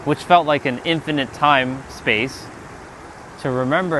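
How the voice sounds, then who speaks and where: A man in a casual spiritual monologue, animated and swearing, talking back to God in mock dialogue. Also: mid-range voice, unhurried, a little hiss or hum. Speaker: spiritual vlogger.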